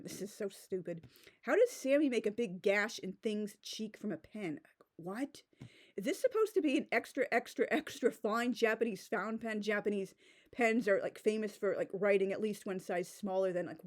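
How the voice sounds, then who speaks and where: A woman's voice: medium pitch, brisk, darkish tone. A woman giving a casual, exasperated critique of a book, talking loosely with many fillers and restarts. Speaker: book reviewer.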